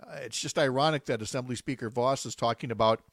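A man's voice: medium pitch, fast talker, dry recording, clean studio sound. A man hosting a political talk show, easygoing and wry, laughing along with his guest. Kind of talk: casual political chat.

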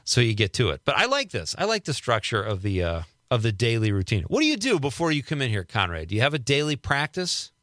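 Male radio host, bright lively delivery, chatty and self-mocking, dry studio mic. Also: medium pitch, quick pace, few pauses, no room sound. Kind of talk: casual radio chat. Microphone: studio microphone.

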